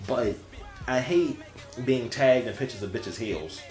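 A man's voice: mid-range voice, lively intonation, a little slow, darkish tone. A man co-hosting a podcast in casual, profane chat, telling jokey stories and putting on voices for them. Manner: profane, jokey storyteller, slips into voices for anecdotes. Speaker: podcast co-host. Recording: roomy room with music underneath.

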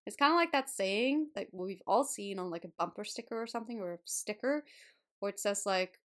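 A bubbly woman hosts a wellness podcast, talking casually and breaking into laughter often. She swears lightly and keeps an upbeat, encouraging manner at a middling pitch. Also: animated, fairly quick, fairly bright tone. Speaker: podcast host.

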